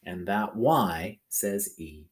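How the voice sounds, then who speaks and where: A man teaching a recorded phonics lesson to children, talking in a slow, sing-song way and checking in often with the listener. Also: fairly low pitch, expressive. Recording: echoey room.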